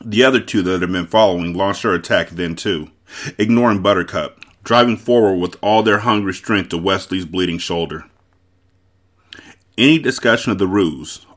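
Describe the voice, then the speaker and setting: A man hosting a book club podcast, reading a novel aloud with measured storytelling. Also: on the low side, fairly bright tone.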